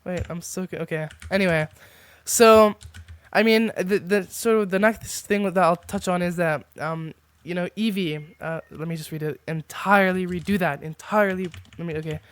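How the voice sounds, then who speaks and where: A man's voice: high-pitched, normal speed, a bit bright, dry recording. A man hosting a casual podcast with a dry, close sound. He often trips over his words and restarts while working through his notes. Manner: stumbling, restarts lines while reading notes. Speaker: podcast host.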